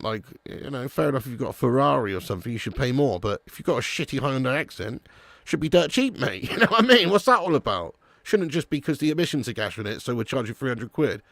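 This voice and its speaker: A man's voice: mid-range voice, expressive, brisk, vocal fry, dry recording. A young man hosting a live football watch-along stream, chatting casually with viewers and swearing now and then. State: a little sleepy.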